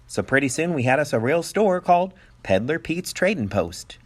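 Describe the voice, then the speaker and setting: A male teacher reading a picture book aloud with animated storytelling and playful asides. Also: fairly high pitch, normal speed, few pauses.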